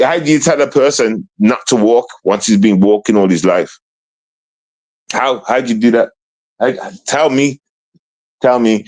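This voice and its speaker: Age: middle-aged. Sex: man. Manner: rambling, swearing rant. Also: mid-range voice. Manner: rambling and heavy-swearing, full of repeated fillers. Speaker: live streamer. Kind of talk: casual live-stream rant.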